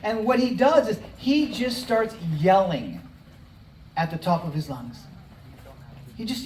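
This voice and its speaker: A pastor giving a conversational, story-driven sermon with dramatic pauses. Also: mid-range voice, very animated, darkish tone. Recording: roomy hall, mic at a distance.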